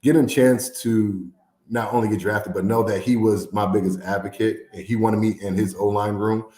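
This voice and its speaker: A man from the American Midwest telling a story in an interview, animated and laughing often as he acts out quotes. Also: lowish voice, normal speed. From Fort Wayne, Indiana. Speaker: former NFL player, guest. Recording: echoey room.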